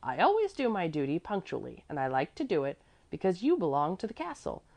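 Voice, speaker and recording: A woman's voice: on the low side, huge pitch swings, a little fast, creaky, a little mellow, heavily acted. Woman doing a fretful old servant woman. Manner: earnest, fretful, emphatic. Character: fussy, devoted older woman servant.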